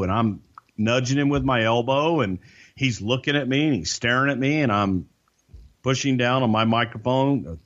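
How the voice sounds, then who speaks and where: A man casually telling an animated, profanity-laced backstage anecdote as a podcast guest. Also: mid-range voice, moderate pace, muffled recording.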